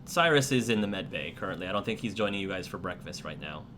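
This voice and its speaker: A man's voice: sits low, lively intonation, fast talker, background noise. A man narrating a tabletop game as game master, hesitant and full of fillers. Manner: hesitant, many fillers and restarts.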